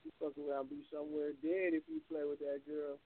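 A man's voice: on the high side, monotone, brisk, no echo. A man with a Californian accent calling in to chat, laid-back and slangy, laughing often. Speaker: caller. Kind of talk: casual phone call chat. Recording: tinny phone line.

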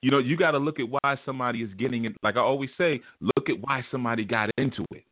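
A man hosting an online radio talk show, talking in an animated, emphatic way and repeating words as he starts his thoughts. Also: mid-range voice, fast talker, no echo. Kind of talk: casual talk show monologue. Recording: dry, tinny phone line.

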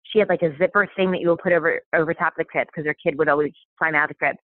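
A stay-at-home mom on a podcast talks casually in a low, steady voice at a racing pace, rambling with lots of fillers and restarts. Her audio is thin and phone-like, completely dry with no room sound.

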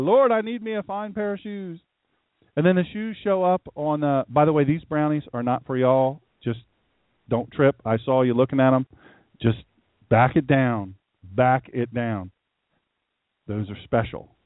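Animated preacher man, tinny dry sound. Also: dry recording. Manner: animated storytelling, acts out voices, jumps to high pitch for emphasis. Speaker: pastor. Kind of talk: casual sermon.

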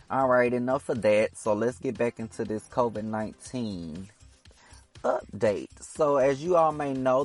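A man hosting his own podcast in a casual, opinionated solo monologue, teasing that he will stir up controversy. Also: lowish voice. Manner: chatty and opinionated, teasing about stirring controversy. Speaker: podcast host.

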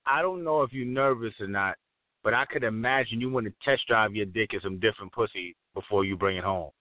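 A man's voice: on the low side, fairly quick, dry recording. A man co-hosting a casual chat show, joking and swearing as he rambles. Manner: profane, joking, loose rambling. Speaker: co-host. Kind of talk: casual podcast banter. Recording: dry phone-like line.

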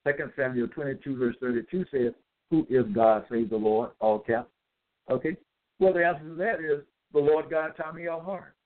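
Man lecturing on scripture, phone-thin sound. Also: on the high side. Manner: deliberate, checks in with "okay?"; spells out capitals, hesitant fillers. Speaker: self-styled religious teacher. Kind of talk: scripture-citing monologue. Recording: tinny phone-like audio.

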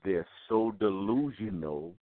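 A man's voice: fairly low pitch, expressive, takes it slowly. A man co-hosting a call-in talk show, blunt and repetitive, talking in street slang. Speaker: co-host. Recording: tinny phone line.

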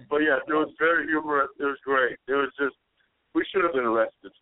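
A young man co-hosting a podcast, telling rambling stories in an animated way and yelling the quoted lines. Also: medium pitch, normal speed, dry recording. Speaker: podcast co-host. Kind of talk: casual storytelling chat. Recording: dry, tinny phone-like audio.

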